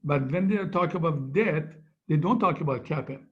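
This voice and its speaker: A man's voice: fairly high pitch, moderate pace. Male lecturer on muffled call audio. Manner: conversational, keeps asking "right?". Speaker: finance lecturer. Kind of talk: online lecture review.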